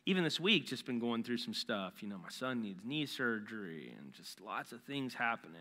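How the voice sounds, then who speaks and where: A man preaching a sermon as a pastor in a casual, animated way, full of slangy asides. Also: mid-range voice, normal speed, hardly any pauses. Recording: long reverb in a large hall.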